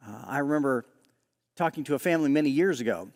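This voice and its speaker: A middle-aged male pastor preaching a sermon in a relaxed, conversational storytelling way, often pausing on "uh". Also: mid-range voice, long reverb tail. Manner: conversational storyteller with frequent "uh" pauses. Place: large church hall.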